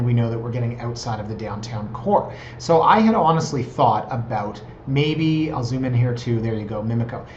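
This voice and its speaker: This office vlog features a mid-range voice from a man in his thirties, a real estate agent from Canada. He's casual, talkative, and prone to digressions and self-deprecation, while the recording is muffled and echoey with slight background noise.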